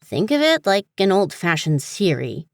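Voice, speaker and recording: A gruff, exasperated little winged male creature, played by a woman narrating an audiobook. He speaks low and dark, with a short, grumbling manner. The sound is dry and close to the mic. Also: big pitch swings, moderate pace, dry recording.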